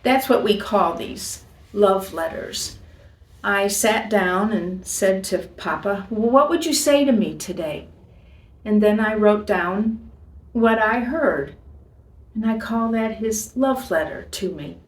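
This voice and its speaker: A woman giving a devotional reading and teaching, speaking slowly and gently, with emphatic pauses. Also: medium pitch, lively intonation. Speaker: ministry leader. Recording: echoey room, voice from a distance.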